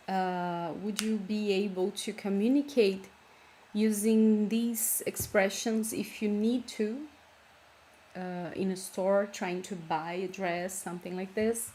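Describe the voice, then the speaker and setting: A woman's voice: mid-range voice, a little mellow, slight background noise. A woman with a Brazilian Portuguese accent, a native Portuguese speaker, patiently explaining words step by step in an online language lesson. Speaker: language teacher.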